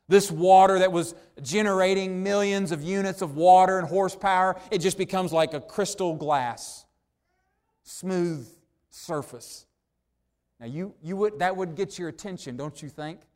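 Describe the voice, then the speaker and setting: High-voiced man preaching earnestly. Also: darkish tone. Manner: earnest preaching, slows down for emphasis. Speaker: pastor. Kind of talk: sermon.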